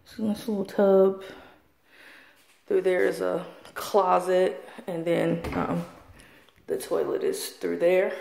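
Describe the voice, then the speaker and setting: A woman's voice: fairly low pitch, little pitch movement, takes it slowly, gravelly, pauses often, darkish tone. A woman narrates a tour of her home as she moves between rooms. Her talk is loose and chatty, full of fillers and side remarks. It sounds like a casual home video shot on a handheld camera. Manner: chatty, rambling, frequent fillers. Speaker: vlogger giving a house tour. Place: inside a house, walking room to room.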